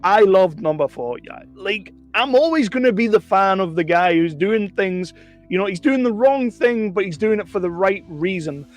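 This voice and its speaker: A man with a notably high voice rambles through a casual film review, opinionated and chatty, stopping to correct himself as he goes. Faint music plays underneath him. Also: lively intonation, normal speed.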